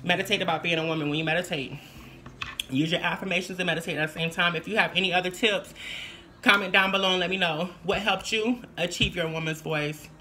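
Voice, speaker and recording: A woman's voice: on the low side, steady tone, fast, sharp tone. Sassy, chatty trans woman vlogger. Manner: chatty, sassy, playful asides. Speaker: vlogger giving voice tips. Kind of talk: casual advice vlog.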